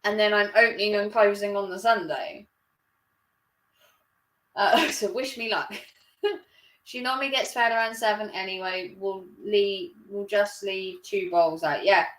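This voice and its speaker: A woman's voice: mid-range voice, steady tone, unhurried, pauses often, fairly bright tone. A woman chatting casually on a live stream, rambling and laughing often. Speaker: livestreamer. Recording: roomy echo.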